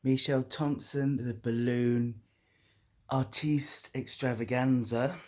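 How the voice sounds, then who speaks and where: A woman chatting excitedly on a home vlog, giggly and given to squeals of delight. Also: very deep voice, takes it slowly. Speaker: vlogger. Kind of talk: casual vlog chat. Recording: echoey home room, faint hiss.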